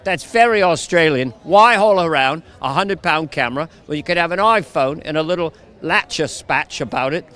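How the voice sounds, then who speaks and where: A man's voice: a little high, lively intonation, normal speed, hardly any pauses, sharp tone. A man putting on an impression of a wry, older British film actor, with a lilting, drawled delivery.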